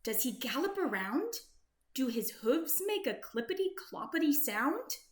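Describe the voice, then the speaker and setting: A woman's voice: sits high, sing-song, a little slow, echoey room. A woman voicing a curious farm horse in a storybook, asking questions in a wondering way.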